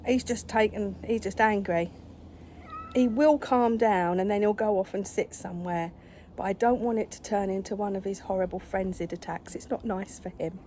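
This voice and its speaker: A woman's voice: mid-range voice, normal speed, mellow, a little hiss or hum. An older woman, chatting casually to camera at her craft table at home, scolding her cat in exasperation. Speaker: craft vlogger.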